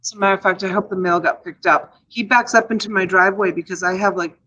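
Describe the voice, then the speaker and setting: A woman in her forties with a Boston accent hosts a relaxed chat and rambles from one thought to the next. She laughs easily and speaks at a middling pitch. The recording sounds dull and lo-fi. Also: fast. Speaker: host. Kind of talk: casual chat.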